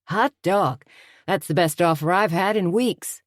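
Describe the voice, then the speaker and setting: A woman puts on a scruffy, dim-witted schemer with a folksy, slangy drawl, pitched up above her own voice. He sounds lively and sure of himself. The audiobook recording is dry and close. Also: measured pace, no room sound, close to an everyday voice. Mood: eager.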